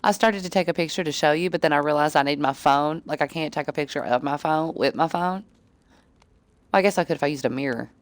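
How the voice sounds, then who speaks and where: A woman's voice: low voice, fast talker, dry recording. A woman livestreamer at home, chatting casually with her viewers in a blunt, profane, joking way. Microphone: desk microphone.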